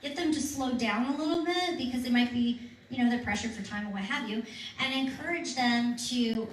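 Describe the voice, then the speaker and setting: A woman's voice: on the high side, fairly quick, distant mic. Earnest woman speaker in an echoey room. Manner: earnest, persuasive, restarts often. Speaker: petition workshop speaker. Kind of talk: answering audience questions at a workshop. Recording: echoey room recorded from afar, faint hum.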